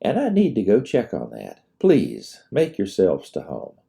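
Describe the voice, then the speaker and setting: A man's voice: fairly low pitch, huge pitch swings, measured pace, creaky, warm tone, exaggerated voice. A man voicing Mrs. Burrell, a gracious, courtly plantation hostess, in an author-narrated storybook reading. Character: genteel older Southern hostess, gracious.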